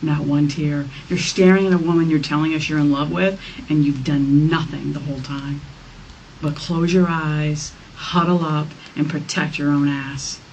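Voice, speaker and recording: A woman's voice: deep voice, steady tone, normal speed, a little mellow. A woman police detective pressing a suspect during an interrogation, firm and repetitive in her accusations. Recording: distant mic in a noisy interrogation room.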